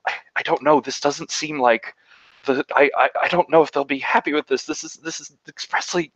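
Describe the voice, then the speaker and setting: A man's voice: fairly high pitch, steady tone, a little fast, fairly bright tone, no room sound, voice pushed up, rough recording. A man voicing a frightened young servant girl who stammers nervously. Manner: trembling, stammering.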